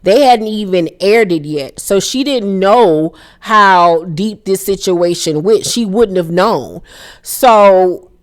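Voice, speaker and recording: A woman's voice: medium pitch, slow pace. Sassy woman giving a blunt recap. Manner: blunt, profane, sassy commentary. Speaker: reality TV recap vlogger. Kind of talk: casual gossip recap.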